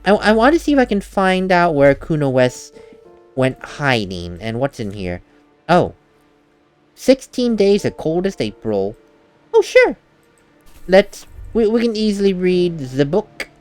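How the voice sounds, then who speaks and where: A man's voice: sits high, very animated, measured pace, darkish tone, clear, resonant tone, soft background music. A man giving casual gameplay commentary as a let's play host, chatty and laughing at himself, at a desk mic at home.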